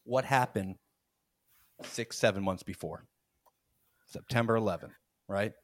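A man in his forties, a podcast host, speaks in a fairly low voice at a measured pace while telling a workplace story casually. Animated throughout, he performs quotes, laughs along the way and often restarts what he's saying.

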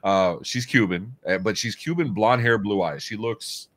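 A man hosting a casual talk show, with a deep voice and a loose, storytelling way of talking that mixes in swearing. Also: moderate pace, fairly bright tone. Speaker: host. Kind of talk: casual chat.

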